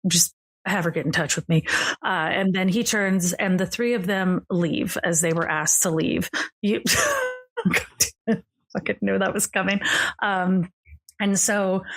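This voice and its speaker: A woman with a fairly low voice runs a tabletop game as game master. She narrates casually, sprinkling in ums and likes as she describes the scene. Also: fairly bright tone. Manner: casual, many fillers.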